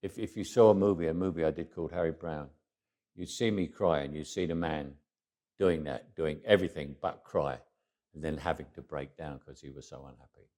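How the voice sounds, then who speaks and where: A man's voice: rumbling low, brisk, darkish tone. A man in his eighties recounting stories in an interview, reflective and often restarting his words. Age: 80s. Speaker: interview guest. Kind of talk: anecdotal interview storytelling.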